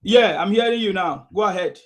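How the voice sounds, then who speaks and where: A Nigerian man runs a live call-in show with a high voice. He shouts insults at callers and laughs at them mockingly. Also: a little fast. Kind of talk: combative live call-in chat.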